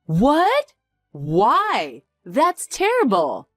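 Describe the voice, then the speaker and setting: A woman acting out a condescending rich woman in a drama, taunting those below her in a lively, swooping voice. She speaks slowly and deliberately. The recording is dry and close, with faint music underneath. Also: fairly high pitch, no room sound, full character voice. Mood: flustered. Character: snobbish, mocking wealthy woman.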